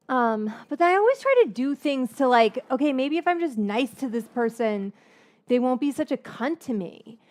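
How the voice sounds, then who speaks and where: A woman's voice: sits high, big pitch swings, unhurried, slight background noise. A woman from the Bay Area chatting casually while she cooks, rambling, frank, and swearing freely as she drifts between tangents. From San Francisco Bay Area. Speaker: cookbook author and cooking host. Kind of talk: casual chat while cooking.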